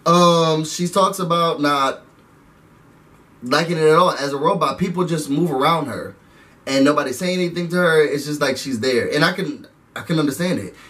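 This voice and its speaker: A man hosting a casual reality show recap, animated and slangy, laughing often. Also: a little high, far from the mic.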